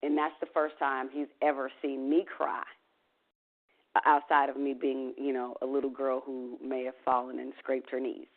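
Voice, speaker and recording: A woman's voice: very deep voice, level tone, normal speed. A woman giving a candid, emotional account in an interview. She swears casually and trails off into fillers. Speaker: interview guest. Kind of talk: candid personal storytelling. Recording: tinny phone-like sound.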